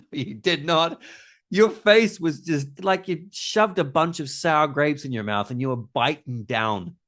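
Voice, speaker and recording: A man hosting a casual film podcast, talking in an animated way and swearing freely. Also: fairly high pitch, a little slow. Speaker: podcast host.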